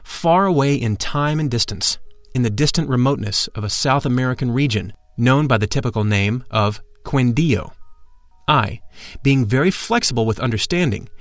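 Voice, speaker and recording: A man narrating a first-person account in a measured, formal reading voice. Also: medium pitch, lively intonation, no echo, faint music behind.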